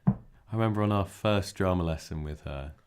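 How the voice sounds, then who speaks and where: A young man co-hosting a podcast, soft-spoken and a bit mumbly in casual chat. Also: low voice, moderate pace, background noise. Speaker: podcast co-host.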